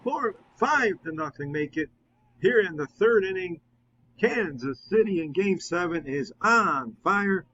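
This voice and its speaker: A man calling play-by-play of a simulated baseball game, rising with excitement on big hits and chatting through a recap. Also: high voice, unhurried, highs cut off, a little hiss or hum.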